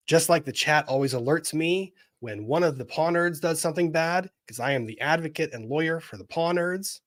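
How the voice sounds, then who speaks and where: A man hosting a live legal commentary stream, reading viewer messages and reacting with wry, animated asides. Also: fairly high pitch. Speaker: lawyer streamer reading chat.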